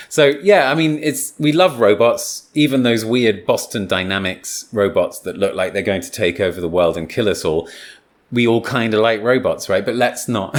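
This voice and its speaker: A man teaching English pronunciation in a relaxed, chatty way, with many fillers and restarts. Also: fairly low pitch. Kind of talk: casual spoken lesson.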